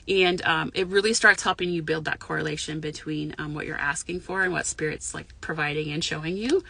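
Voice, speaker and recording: Woman medium in her car, loose rambling delivery, salty language, a bright, slightly low voice. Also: fairly even intonation, a little fast, creaky, no room sound. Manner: frank, profane, rambling with many fillers. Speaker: intuitive medium and spiritual mentor. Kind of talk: casual live chat to viewers. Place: parked car.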